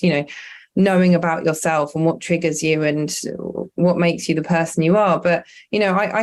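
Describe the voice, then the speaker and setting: A woman's voice: low voice, darkish tone. A woman on a webinar panel, speaking reflectively and telling a personal story with frequent restarts over a video call. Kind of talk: conversational panel discussion.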